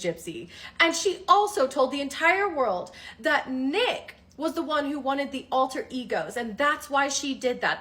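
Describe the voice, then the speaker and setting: A woman's voice: high voice, fairly bright tone. A woman giving pointed gossip commentary, addressing people directly. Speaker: commentary vlogger. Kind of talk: casual commentary.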